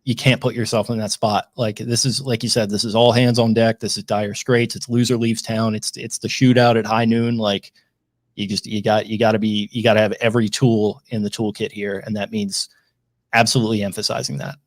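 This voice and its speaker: A man's voice: on the low side, steady tone, brisk, no echo, studio quality. A young man co-hosting a sports podcast, sounding frustrated and packing his talk with colorful sayings. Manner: frustrated, lots of likes and restarts, colorful sayings. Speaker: podcast co-host.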